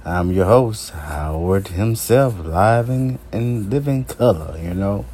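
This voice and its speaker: A man's voice: low-pitched, animated, takes it slowly, warm tone, slight background noise. A male talk show host rambling through an unscripted solo monologue, crude and profane, chuckling between his remarks.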